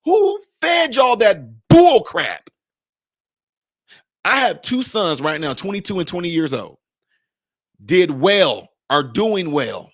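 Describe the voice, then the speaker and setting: A man's voice: high-pitched, a bit bright, dry recording, clean studio sound. A man in his forties hosting a live stream, giving impassioned, preachy commentary full of rhetorical questions. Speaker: livestream host and commentator.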